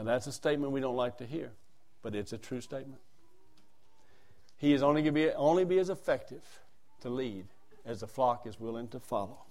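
A male preacher with a mid-range voice delivers a sermon. He drops into soft, quiet asides, then climbs to loud, emphatic lines, and he reads scripture in a raised, declaiming voice.

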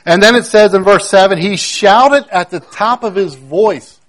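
A man preaching a sermon, emphatic, repeating key phrases and swinging between loud declarations and hushed moments. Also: high voice, unhurried. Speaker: pastor.

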